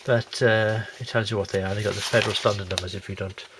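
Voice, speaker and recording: A man reviewing a model kit in a low, gravelly voice, wandering through his thoughts with fillers and false starts. He is still getting over a cold. The home recording has a steady hiss of noise behind it. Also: fast. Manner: rambling, hesitant with many fillers and restarts. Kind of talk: casual unboxing commentary.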